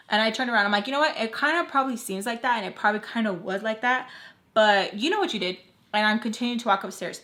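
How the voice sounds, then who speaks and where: A young woman telling a storytime on her own channel while doing her makeup, rambling with lots of fillers and animated quoted bursts. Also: fairly high pitch, quick pace. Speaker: storytime vlogger. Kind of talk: casual storytime chat. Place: at home, doing makeup on camera.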